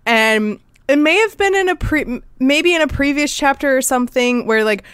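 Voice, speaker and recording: A woman's voice: high voice, lively intonation, moderate pace, fairly bright tone, no echo, clean studio sound. A woman co-hosting a podcast in casual chat, wearing headphones, talking in loose, filler-heavy sentences. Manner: chatty, hedging with fillers, laughs. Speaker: podcast co-host. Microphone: headphones with cord.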